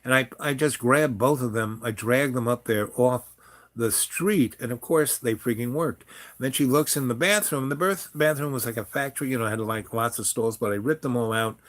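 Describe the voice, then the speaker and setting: A man's voice: mid-range voice, normal speed. A man telling a personal story in a casual, rambling way, frank and loose, with lots of asides. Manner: rambling and frank, many fillers and restarts.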